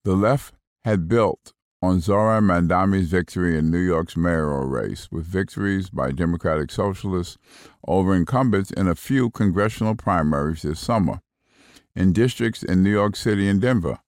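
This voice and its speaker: Male narrator for magazine audio, low deep voice, even measured read, dry studio sound. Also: no echo. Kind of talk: scripted narration.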